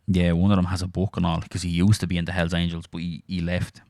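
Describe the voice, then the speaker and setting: An Irish man chatting casually on a podcast, sweary and animated as he tells stories. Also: low-pitched, fast, dry recording, studio quality. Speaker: podcast co-host. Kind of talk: casual chat.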